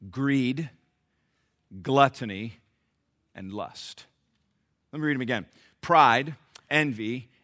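A middle-aged pastor preaches a sermon, swinging between loud, emphatic lines and quiet, low asides while posing questions to the congregation.

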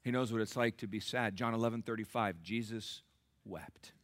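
A man preaching a sermon as pastor, calling out to the congregation for responses and swinging between loud emphatic bursts and hushed, soft passages. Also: on the low side, steady tone, normal speed, no room sound.

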